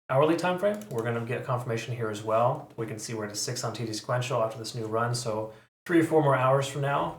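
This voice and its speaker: A man's voice: mid-range voice, roomy sound. Chatty man analyzing crypto charts. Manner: chatty, self-correcting, frequent fillers. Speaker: crypto analysis channel host. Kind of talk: casual chart analysis commentary.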